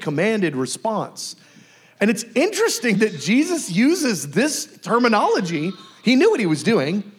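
Man, preacher, casual sermon, animated delivery, slightly high voice. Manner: casual, animated, acts out dialogue. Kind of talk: conversational sermon.

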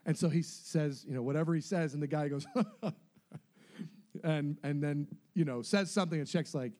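Telling the story of a mission trip at a moderate pace, this young man has a voice on the high side. His delivery is casual and lively, and he mimics other people's quotes with changing voices.

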